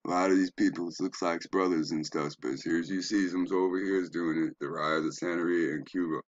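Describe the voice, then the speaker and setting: A man's voice: sits low, steady tone, fairly quick, dry recording, muffled recording. A man giving a rambling, profane, preachy commentary while browsing web pages, asking rhetorical questions. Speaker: online commentator.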